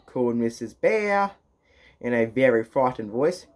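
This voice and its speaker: A man reads a children's storybook aloud in a casual, unpolished way. He moves through the text slowly, restarting lines that trip him up. Now and then he breaks off for offhand asides. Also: mid-range voice, expressive. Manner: halting, slow, restarts lines, swears in asides. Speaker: reader.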